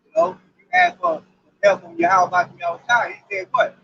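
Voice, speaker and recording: A man preaching who reads scripture verses slowly and emphatically, then explains them. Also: extremely high pitch, sing-song, vocal fry, fairly bright tone, husky, dry recording, highs cut off. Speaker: scripture reader.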